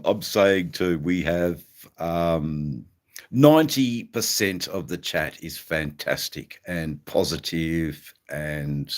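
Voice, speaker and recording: A middle-aged Australian man with an Australian accent, hosting a rambling livestream and chatting with viewers, full of ums and mates. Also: low voice. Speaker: livestream host. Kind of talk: casual livestream chat with viewers.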